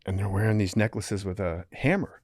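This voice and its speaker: A man's voice: lowish voice, brisk, darkish tone, no room sound, studio quality. A man hosting a podcast, telling a story in casual conversation, acting out the quotes as he goes and swearing freely. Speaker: podcast host.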